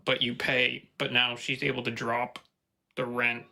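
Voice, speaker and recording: A man in an online debate who reads tax figures aloud in a hesitant, halting way. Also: mid-range voice, little pitch movement, vocal fry, sharp tone, poor audio. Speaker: debate opponent.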